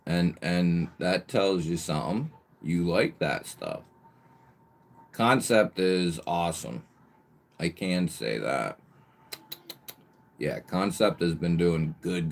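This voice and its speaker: Deep, unhurried man hosting a livestream. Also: vocal fry. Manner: greets chatters by nickname, lively bursts of emphasis; occasional mild swearing. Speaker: livestream host. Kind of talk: casual live chat with viewers.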